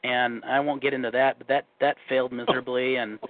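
A man's voice: medium pitch, flat delivery, a little fast. A man with a Minnesota accent telling long stories in casual chat, restarting and repeating himself as he rambles. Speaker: guest telling dating stories. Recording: tinny phone line, dry.

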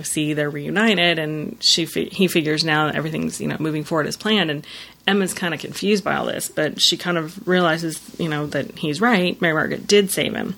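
A woman with a slightly low voice chats through a plot recap. She talks loosely and easily, scattering fillers as she goes. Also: fairly bright tone. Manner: retells scenes with many "you know" fillers and acted-out quotes. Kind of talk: casual episode recap.

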